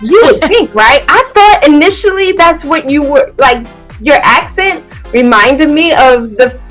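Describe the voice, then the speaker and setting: A woman's voice: high-pitched, animated, unhurried, a bit bright, faint music behind, poor audio. A woman hosting a podcast interview, chatting casually and laughing, often turning to the audience as "y'all". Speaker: podcast host.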